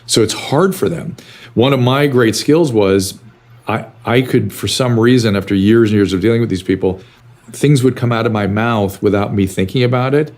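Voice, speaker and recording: An older man with a fairly low voice speaks as a psychiatrist guest in an interview. He answers bluntly and tells his stories with animation, lifting his pitch when he acts out exchanges. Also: moderate pace, a little mellow.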